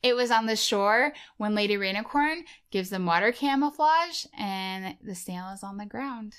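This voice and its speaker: Woman, 30s, podcast co-host; teasing and playful, smooth clear tone. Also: medium pitch, animated, moderate pace, a bit bright. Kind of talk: casual podcast chat.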